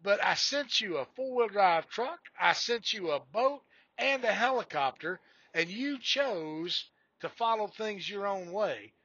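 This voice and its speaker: A man voicing God calmly setting a man straight. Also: high-pitched, unhurried, husky, no room sound, dull audio, full character voice. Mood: correcting. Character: God, calm and correcting a stubborn man.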